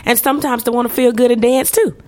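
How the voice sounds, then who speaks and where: A woman's voice: a little high, fairly even intonation, fast, dark tone. A woman singer, a guest in a casual interview, talking upbeat with frequent laughs. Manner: upbeat, laughs often, breaks into song.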